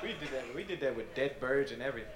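A man performing stand-up comedy, telling animated, profane stories. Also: mid-range voice, rapid-fire, roomy sound, very noisy. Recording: live club recording with loud crowd laughter.

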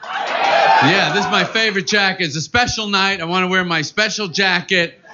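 Stand-up comic, man, high voice, mock-exasperated delivery, muffled noisy club recording. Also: normal speed. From New York. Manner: animated, exclaiming, mock-exasperated. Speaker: stand-up comedian. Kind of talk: stand-up comedy set. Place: comedy club stage with audience.

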